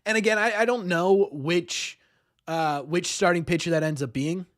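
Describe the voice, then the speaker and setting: A man's voice: high voice, normal speed, fairly bright tone. A man hosting a live-streamed sports talk show, rambling, repeating words and ending many lines with "right?". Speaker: podcast host.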